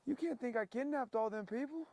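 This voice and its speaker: An actor in a low-budget horror short playing an agitated rural man accused of kidnapping, shouting in a forced country accent. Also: brisk, dry recording. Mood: incredulous. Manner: shouting, incredulous. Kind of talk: indie horror short film acting.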